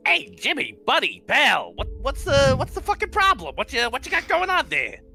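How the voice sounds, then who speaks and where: A man voicing a brash, pally male film crew veteran who talks loud and chummy. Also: very high voice, huge pitch swings, normal speed, creaky, soft background music, voice pushed up, full character voice.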